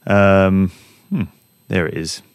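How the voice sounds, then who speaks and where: Deep, gravelly man in a casual studio demo. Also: takes it slowly, dry recording. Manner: relaxed, rambling, with many ums. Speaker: music producer and channel host. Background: music samples playing.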